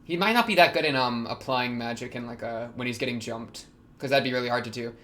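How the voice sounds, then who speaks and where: A young man, reacting to an anime episode in casual commentary, excitable, laughing often and talking back to the characters. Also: medium pitch, quick pace.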